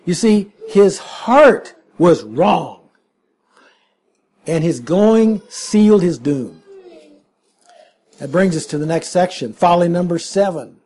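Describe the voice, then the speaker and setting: A man's voice: high voice, lively intonation, takes it slowly, pauses often, a little mellow, slightly rough. A man preaching a sermon, emphatic and full of rhetorical questions.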